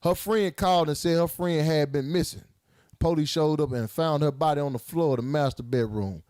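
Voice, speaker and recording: A man co-hosting a podcast in casual chat, telling stories in an animated way and mimicking other people's voices. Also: fairly high pitch, fairly quick. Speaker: podcast co-host.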